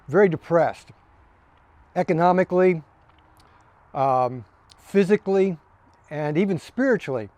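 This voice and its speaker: A man giving a relaxed, conversational sermon as a pastor, recorded outdoors on his deck in the evening. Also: a little high, no room sound. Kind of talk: casual sermon.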